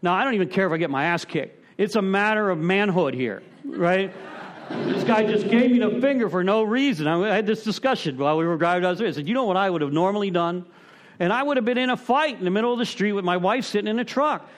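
A man with a notably high voice talks to a recovery group in a meeting room. He reads from the book, then drifts into casual asides and lively stories, tossing "right?" back at his listeners again and again. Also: normal speed. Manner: conversational, asks the room for agreement; animated storytelling. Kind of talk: informal talk reading and commenting on a recovery text.

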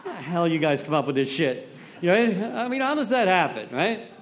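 A man's voice: high voice, big pitch swings, fairly quick, few pauses, noisy background. A middle-aged man giving a personal recovery talk at a meeting. He tells stories bluntly, with some swearing, and acts out the voices of people he quotes. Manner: blunt, profane storytelling.

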